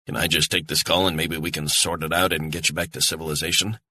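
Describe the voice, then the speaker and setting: Male reader as a terse American operative, low husky voice, calm and guarded. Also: fast, no echo, studio quality, full character voice. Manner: terse, understated replies.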